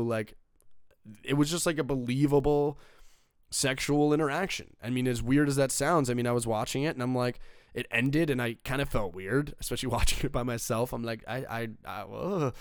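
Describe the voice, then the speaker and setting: A man's voice: medium pitch, clean tone, no echo, studio quality. A young man giving a casual, rambling movie review, swearing freely and leaning on fillers like "like" and "you know". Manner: rambling, profane, filler-heavy. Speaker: film reviewer.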